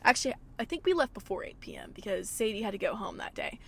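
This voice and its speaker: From a car parked at a gas station, a young woman hosts a casual solo podcast, chatty and swearing a lot, filling her sentences with "like." Her mid-range voice is fast, gravelly, husky and fairly bright, with big pitch swings.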